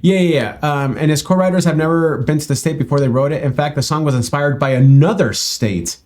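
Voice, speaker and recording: A man's voice: fairly high pitch, fairly quick, darkish tone. A man hosting a music reaction video, chatting casually in a loose, rambling way full of fillers. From South America. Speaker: reaction channel host. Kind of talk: casual chat.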